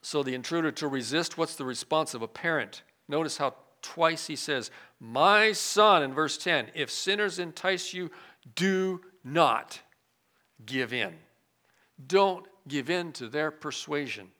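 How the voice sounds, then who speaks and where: Older male pastor, bright, fairly high voice; sermon delivery with sharp swings between emphasis and hush. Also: unhurried. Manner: swings from loud emphasis to quiet asides.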